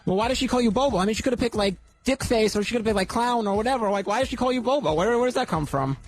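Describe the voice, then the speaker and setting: Man, radio host, high voice, rapid repetitive questions, dry sound. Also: expressive, faint music behind. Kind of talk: awkward radio interview.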